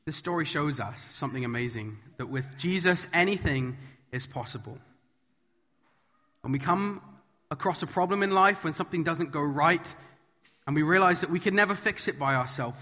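Speaking at a moderate pace, a man with a fairly high, bright, forceful voice delivers a sermon for children. He builds his points by repetition in an earnest, emphatic way, and the church hall lends a long reverb.

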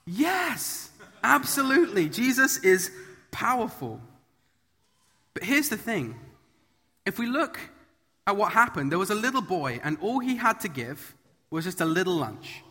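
A man's voice: high-pitched, very animated, unhurried, pauses often, sharp tone, slightly rough. A man giving a sermon as a children's message, earnest and emphatic, building his points through repetition, in a church hall. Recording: long reverb of a large hall.

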